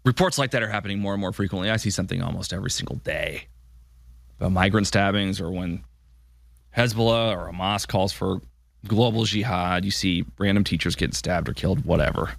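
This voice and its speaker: A man's voice: sits low, a little fast, gravelly, no echo, studio quality. A man hosting a political podcast, delivering an emphatic commentary monologue full of rhetorical questions. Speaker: podcast host.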